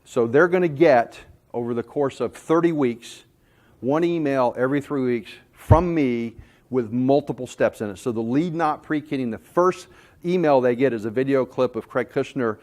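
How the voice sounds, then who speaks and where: Guy giving a sales talk, jokey and animated, pokes fun at himself. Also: mid-range voice, moderate pace. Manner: animated, jokey, self-deprecating. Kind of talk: storytelling presentation.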